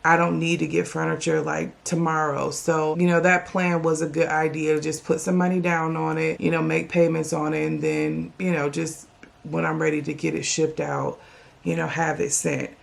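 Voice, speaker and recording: A woman's voice: on the low side, gravelly. A woman vlogging to a camera at home, chatting in a rambling way with lots of "like" and "you know". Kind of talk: casual vlog talk to camera.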